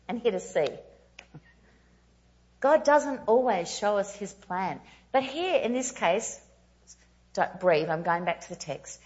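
A woman in her thirties preaching a storytelling sermon, animated and self-mocking with quick asides. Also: a little high, lo-fi sound. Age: 30s.

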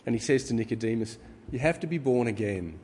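A middle-aged man preaching a sermon, teaching in a measured way with frequent ums. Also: mid-range voice, lively intonation, warm tone, slight background noise. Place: church hall. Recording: reverberant hall with faint ambience.

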